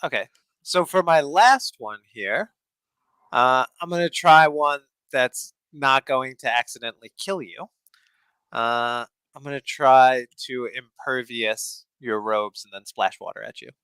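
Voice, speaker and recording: A man playing in a tabletop role-playing game, hesitant and self-deprecating, with sudden excited jumps in his voice. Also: medium pitch, measured pace, clear, resonant tone, dry recording. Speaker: player.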